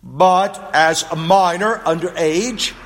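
Male pastor, high voice, unhurried, measured sermon delivery. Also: a bit bright, slight background noise. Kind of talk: sermon with scripture reading. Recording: long reverb of a large hall.

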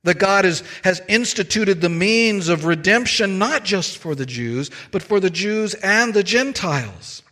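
Male preacher, fairly high voice, unhurried and emphatic, long hall reverb. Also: animated, bright, forceful tone. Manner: measured, emphatic preaching with slow stressed phrases. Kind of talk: sermon.

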